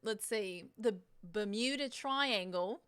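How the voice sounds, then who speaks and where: A woman's voice: medium pitch, slow, a bit bright, clear, resonant tone. A woman streaming on Twitch, chatting casually as she sets up, rambling, swearing freely and poking fun at herself.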